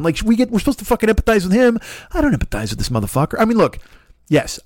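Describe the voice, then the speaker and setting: Recorded at studio quality with no echo, a middle-aged man with a slightly high voice hosts a podcast. His comedic rant is profane and rambling, and he animatedly performs the voices of those he quotes.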